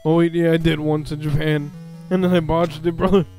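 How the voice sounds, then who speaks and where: A man's voice: medium pitch, measured pace, soft background music, close to an everyday voice. A man voicing a boastful, broke, aging male pro wrestler for comedic gameplay commentary, swearing often, chuckling and calling everyone brother or dude. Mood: exasperated shouting. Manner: tacks brother or dude onto nearly every phrase.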